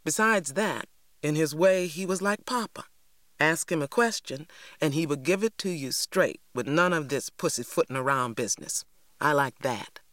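A woman's voice: low voice, expressive, normal speed, fairly bright tone, dry recording. Woman narrating an audiobook, dry close sound. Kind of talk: scripted first-person narration.

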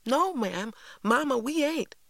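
A woman voicing a spirited, defiant young girl in an audiobook, indignant and quick to argue back. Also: medium pitch, animated, no echo, clean studio sound, voice pushed up, close to an everyday voice. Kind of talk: audiobook character voice.

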